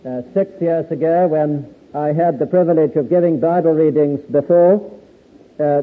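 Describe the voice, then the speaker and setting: A man giving a formal Bible exposition at a convention, measured and deliberate with occasional hesitant fillers. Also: a little high, breathy edge, long reverb tail, narrow, tinny audio. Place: large tent.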